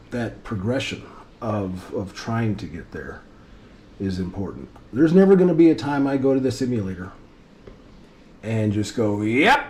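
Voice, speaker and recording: A man's voice: fairly low pitch, mellow. A middle-aged man, an airline pilot, talking earnestly and reflectively to his daughters in a loosely rambling vlog monologue.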